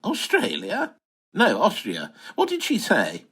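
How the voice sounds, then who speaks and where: An actor playing a bumbling, posh English retiree, flustered and hesitant in a comic audio drama. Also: male voice, high voice, huge pitch swings, takes it slowly, sharp tone, exaggerated voice. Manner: flustered, posh, hesitant, wildly swooping delivery. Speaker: lead character and narrator.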